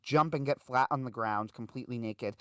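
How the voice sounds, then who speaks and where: A man's voice: medium pitch, fairly quick. A man hosting a livestream, telling a story in a casual, rambling way with lots of fillers. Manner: rambling, full of "uh" and "like". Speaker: livestream host.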